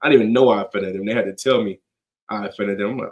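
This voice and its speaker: A man's voice: fairly low pitch, expressive, very fast. A man leading a casual scripture study in a conversational, slangy way, often checking in with "you get what I'm saying.".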